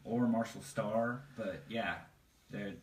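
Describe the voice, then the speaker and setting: A man's voice: lowish voice, slow. A man chatting casually about comics on a podcast, rambling with lots of fillers and laughing as he retells things. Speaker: podcast co-host. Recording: echoey room, mic at a distance, faint hiss.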